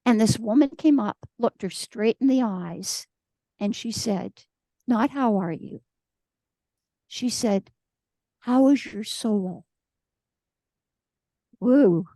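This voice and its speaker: Woman speaker, slightly high, mellow voice, dry sound, storytelling sermon. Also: slow, long pauses, no echo. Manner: storytelling, acts out quoted voices. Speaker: guest speaker. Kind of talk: conversational sermon.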